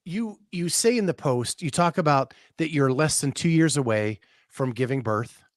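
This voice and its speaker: A man hosting a casual interview, asking relaxed, conversational questions. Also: a little high, normal speed, dry recording, studio quality. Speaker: podcast host, interviewer.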